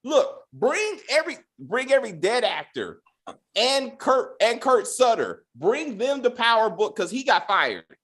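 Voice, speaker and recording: Animated, profane man reviewing TV. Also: extremely high pitch, unhurried, breathy edge. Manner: animated, profane, acts out quotes. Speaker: podcast host. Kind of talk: casual TV review chat.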